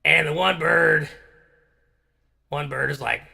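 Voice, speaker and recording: A bombastic talk-show ranter, as a man impersonates him speaks in a gravelly, raspy, high-set voice that erupts into shouting. He stumbles through fillers and then booms out his outrage. The tone is sharp and forceful. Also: fairly even intonation, heavily acted. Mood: ranting. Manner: blustering, bursts into shouting, halting filler-heavy rant. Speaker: comedian doing a parody rant. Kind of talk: comedic impression rant.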